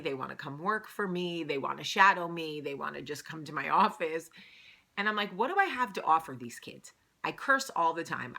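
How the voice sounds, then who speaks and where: A woman with a deep, creaky, bright voice and a forceful tone hosts a casual morning vlog in a New Jersey accent. She chats to the camera in a rambling way and often laughs at herself.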